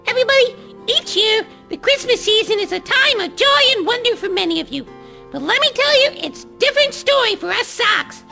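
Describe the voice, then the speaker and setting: A woman voicing a playful, childish male sock puppet who rambles and jokes mischievously, in a squeaky, gravelly voice. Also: animated, a little fast, pushed and bright, faint music behind, full character voice. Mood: rambling.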